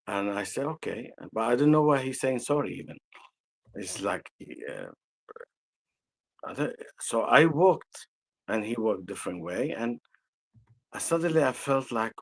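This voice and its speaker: A man with an Arabic accent, an energy healer telling a personal story in conversation, slow and halting with frequent restarts. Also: mid-range voice, sing-song, low-quality recording.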